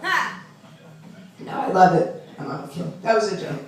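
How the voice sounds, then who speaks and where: A woman's voice: on the high side, very animated, normal speed, pauses often. A woman doing a chatty, self-deprecating stand-up set and teasing the audience. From Long Island, New York. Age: 60s. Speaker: stand-up comedian. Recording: echoey club room from far off.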